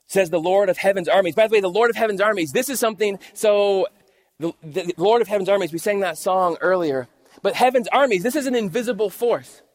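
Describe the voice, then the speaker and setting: A man with a high-pitched voice gives a sermon at a church service. He reads scripture aloud and then unpacks it step by step, talking to the congregation in a relaxed, conversational way. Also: a little fast. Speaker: pastor.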